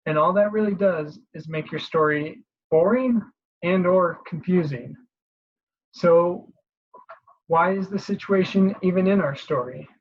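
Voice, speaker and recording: A presenter giving an instructional voice-over, explaining each step steadily and clearly with a few small restarts. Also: medium pitch, highs cut off. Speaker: career advice presenter.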